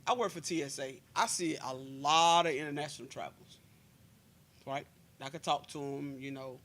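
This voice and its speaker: A man's voice: on the high side, fairly bright tone. A man from the United States co-hosting a casual podcast in a cigar lounge, telling a story with emphatic asides. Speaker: podcast co-host.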